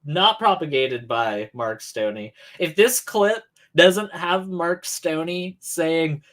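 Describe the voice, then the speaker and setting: A man's voice: a little high, expressive, takes it slowly, few pauses, fairly bright tone. A man co-hosting a casual reaction chat, sarcastic and argumentative, often laughing. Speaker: co-host reacting to a documentary.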